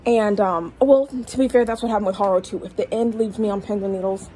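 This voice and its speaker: A woman talks to camera in a casual reading vlog, her voice sitting in an ordinary middle register. She rants dramatically and excitably, swearing freely as she goes. A faint hiss of background noise sits under her voice. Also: medium pitch, fairly quick. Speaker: book vlogger.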